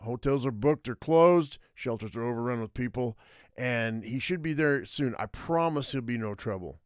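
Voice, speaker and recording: A man puts on a worn-out male friend calling in a hurry, stumbling over restarts and apologizing. The voice comes through smooth and clear, with no room echo at all. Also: medium pitch, expressive, normal speed, clean studio sound, lightly acted. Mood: weary. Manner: rambling, apologetic, with filler-laden restarts. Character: tired, hurried male friend on the phone.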